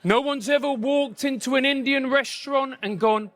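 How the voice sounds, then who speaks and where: A high, bright English comedian doing live stand-up. He delivers punchy, self-mocking bits with quick asides.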